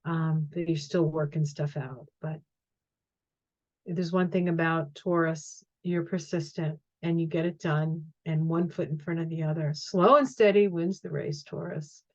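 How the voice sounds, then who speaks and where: A woman's voice: low-pitched, darkish tone, no room sound, dull audio. A middle-aged woman talking casually through an astrology forecast, thinking aloud with frequent ums and restarts. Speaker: astrology and tarot reader. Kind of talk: casual astrology talk to camera.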